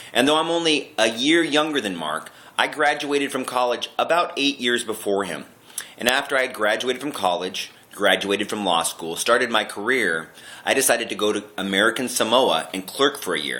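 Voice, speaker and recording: Man in his 30s, low voice, bright and forceful, deadpan roast toast. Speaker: friend giving a birthday toast.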